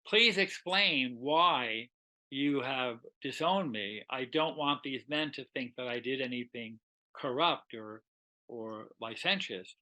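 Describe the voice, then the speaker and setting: An earnest young princess who answers simply and stumbles a little over her words, played by a male lecturer. The voice stays bright and close to his own. It is a light sketch inside a talk. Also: mid-range voice, poor audio. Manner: measured, halting. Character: Cordelia, honest young princess, plain-spoken.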